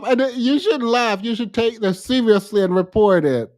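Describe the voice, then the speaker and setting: A man's voice: sits high, moderate pace, hardly any pauses, a little mellow, no echo, studio quality. A man co-hosting a podcast, mocking a clip in casual commentary and laughing often. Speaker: podcast co-host.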